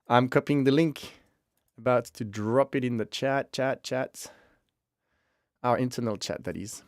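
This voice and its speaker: A man hosts a live stream from home, speaking into a headset mic as he sets things up, rambling casually with self-amused asides. His mid-range, slightly mellow voice moves slowly with long pauses, and the studio sound is clean and echo-free.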